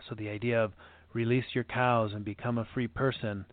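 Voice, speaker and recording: A man sharing a short teaching story as a lay minister, calm and steady with small fillers. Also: medium pitch, fairly quick, no room sound. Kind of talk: sermon storytelling. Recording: tinny phone-like band, dry.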